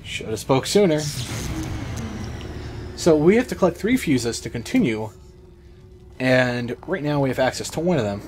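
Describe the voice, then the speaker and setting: A young man gives rambling, excitable let's play commentary and swears now and then. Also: mid-range voice, moderate pace, long pauses. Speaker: gamer. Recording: noisy background ambience.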